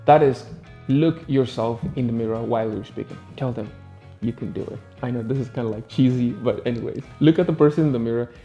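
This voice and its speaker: A man, a native Arabic speaker, gives an English pronunciation lesson in a casual, playful way, letting his pitch swing up and down for emphasis. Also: a little fast, lo-fi sound, faint music behind. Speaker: English tutor.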